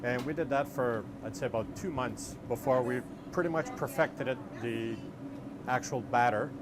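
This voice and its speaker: A man's voice: medium pitch, moderate pace. A man who owns a food truck, answering interview questions in a friendly, matter-of-fact way. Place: at his food truck outdoors. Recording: noisy outdoor recording with passing vehicles.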